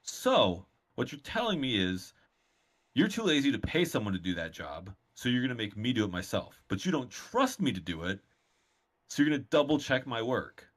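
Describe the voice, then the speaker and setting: A man's voice: mid-range voice, sing-song, normal speed. A man co-hosting a casual chat podcast, ranting in an exasperated way. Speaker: podcast co-host.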